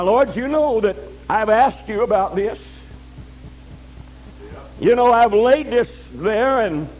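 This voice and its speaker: A man's voice: very high-pitched, a little mellow, poor audio. An older man preaching a sermon in a folksy way, repeating phrases and checking in with his listeners. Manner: folksy, repeats phrases, asks "all right?".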